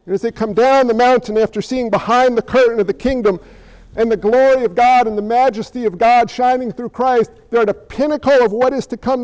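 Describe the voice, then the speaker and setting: High-voiced pastor questioning his congregation. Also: a little mellow, lo-fi sound. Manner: questioning the congregation, conversational and playful. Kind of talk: sermon.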